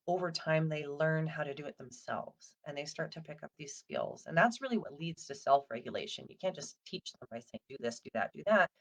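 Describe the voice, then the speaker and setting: A woman in her thirties, a counsellor, giving a casual, gentle talk to parents in a chatty way, full of "like" and "um". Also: sits low, muffled recording. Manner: conversational, with frequent fillers like "like" and "um".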